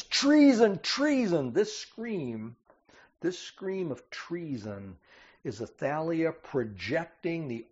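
A man delivering a sermon in a slightly raised, husky voice. He reads scripture and explains it, leaning hard into quoted cries. The recording sounds dull and lo-fi. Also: fairly high pitch, a little mellow. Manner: dramatic, rising emphasis on quoted cries. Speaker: preacher.

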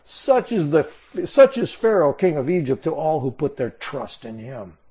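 A man voicing a boastful male Assyrian envoy who mocks and shouts at a besieged city, delivered as raised, declaiming scripture reading. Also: a little high, big pitch swings, normal speed, lo-fi sound. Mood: taunting. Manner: taunting, declaiming, raised and forceful.

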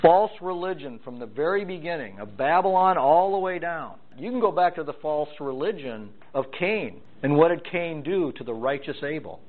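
A man preaching and teaching through scripture verse by verse, his voice sitting a little higher than most men's. He hits each word in a list with its own stress, rising and falling as he goes. The sound is thin and tinny, like a phone line. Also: lively intonation, moderate pace, few pauses. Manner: emphatic, lists items with rising and falling stress. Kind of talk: verse-by-verse Bible teaching sermon.

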